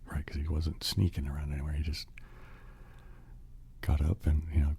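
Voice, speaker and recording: A man's voice: very deep voice, little pitch movement, moderate pace, vocal fry, mellow, slight background noise. A man telling a whispered ASMR bedtime story, rambling along with many fillers and restarts.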